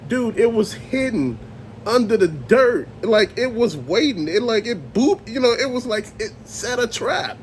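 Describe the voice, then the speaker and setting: A man's voice: very high-pitched, big pitch swings, unhurried, slight background noise. A man telling a creepy story in a casual, profane way, acting out sounds and other people's voices. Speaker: storyteller host.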